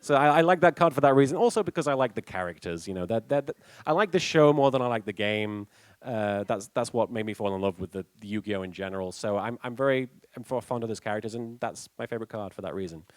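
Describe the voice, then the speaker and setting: A man's voice: medium pitch, lively intonation, quick pace, no room sound. A young British man answering fan questions at a convention panel, chatty, laughing often and restarting his sentences. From England. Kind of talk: casual panel Q&A.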